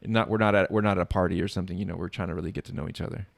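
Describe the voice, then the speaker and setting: Host: low-pitched man, Spanish first language, casual, stumbles and repeats words, dry close sound. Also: rapid-fire, vocal fry, no echo. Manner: stammering, repeats words, animated. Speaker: podcast host. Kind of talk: casual interview chat.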